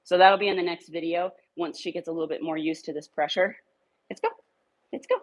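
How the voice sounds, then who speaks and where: A woman's voice: low-pitched, steady tone, quick pace, rough recording. A woman dog trainer giving a casual walk-through while coaching dogs on a leash, with upbeat coaxing praise. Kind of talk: casual training demo, talking to camera and dogs.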